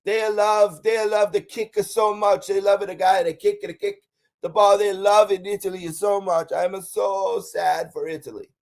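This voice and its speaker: A man voicing his elderly great-grandmother, tearful and halting as she laments. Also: high voice, level tone, vocal fry, pitched above the performer's own voice. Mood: sorrowful.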